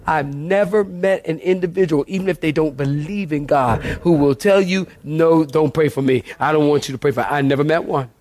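A male pastor giving a lively sermon, with big swings in volume and pace. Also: on the high side, moderate pace, few pauses. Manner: animated preaching with shifts in volume and pace.

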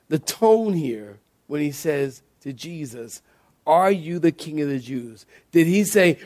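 A man preaching a sermon live in church as a pastor, animated, acting out quoted voices with many fillers. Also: a little high, measured pace, vocal fry.

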